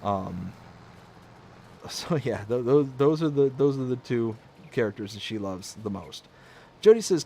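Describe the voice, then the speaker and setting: A man's voice: mid-range voice, expressive, a little slow, a little mellow. Rambling man chatting on a livestream. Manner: rambling storyteller, reads viewer comments aloud. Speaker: livestream host. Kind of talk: casual livestream chat.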